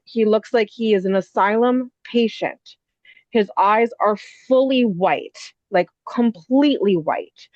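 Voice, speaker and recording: A woman in her thirties telling a story casually as a podcast guest, animated and full of fillers and quick asides. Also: mid-range voice, no room sound. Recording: dull muffled sound, dry.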